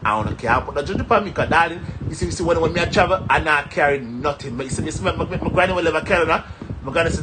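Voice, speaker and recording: Rambling Jamaican man, loud noisy background. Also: fairly high pitch, racing. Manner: rambling, animated, laughs between stories. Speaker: live streamer. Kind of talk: casual live-stream chat.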